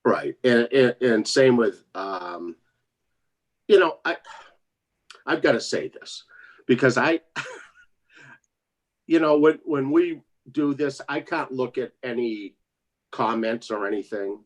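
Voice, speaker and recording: A man chatting casually on a livestream, laughing often and jumping up high when he quotes others. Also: slow, long pauses.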